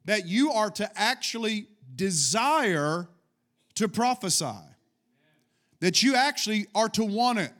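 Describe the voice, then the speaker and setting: Casting: middle-aged male pastor, high-pitched, fervent sermon delivery with call-and-response. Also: expressive, slow pace, a bit bright.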